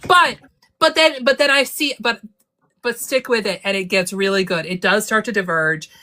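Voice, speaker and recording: A woman's voice: medium pitch, normal speed, bright, forceful tone. A woman hosting a casual live book club chat, rambling with frequent restarts and laughing as she talks. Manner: rambling, restarts often, laughs while talking.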